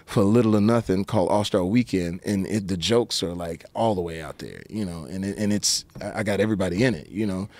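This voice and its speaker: Man, podcast guest, animated storytelling, medium voice, dry close mic. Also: sits low, brisk, hardly any pauses, no echo. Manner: animated, anecdotal, frequent voice switches.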